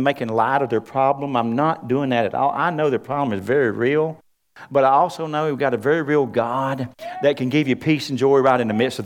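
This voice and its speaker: A man's voice: medium pitch, vocal fry. A middle-aged man preaching a sermon, folksy and humorous. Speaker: pastor.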